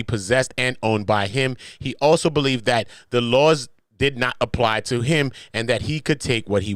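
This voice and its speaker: A man hosting a live reaction show. He reads a document aloud and comments on it in an animated, profane way, swinging between shouting and muttering. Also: mid-range voice, no room sound, studio quality. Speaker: host.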